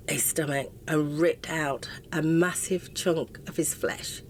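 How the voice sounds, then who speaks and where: A middle-aged woman with an English accent tells her life story with raw, unfiltered passion, stopping and restarting as feelings rise. Her voice sits low for a woman. A faint hum of ambient noise lies under the recording. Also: fairly even intonation, a little slow, hardly any pauses. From England. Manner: raw and impassioned, often breaking off mid-sentence. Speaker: interview guest. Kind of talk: emotional personal storytelling.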